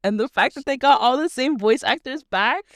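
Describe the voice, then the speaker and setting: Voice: high voice, normal speed, fairly bright tone, no room sound, clean studio sound. A co-host in casual podcast chat who talks eagerly about old shows and sometimes brings in a Bible verse. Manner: enthusiastic, quotes scripture.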